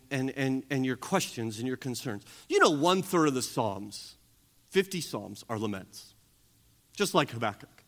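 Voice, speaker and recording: A male pastor preaching a sermon, moving between quiet teaching and loud, emphatic preaching. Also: medium pitch.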